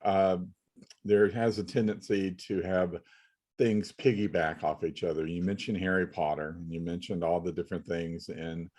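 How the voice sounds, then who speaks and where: Deep-voiced male host asking questions. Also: steady tone, moderate pace, a little mellow. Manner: polite, cuts in to ask a question. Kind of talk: interview questions.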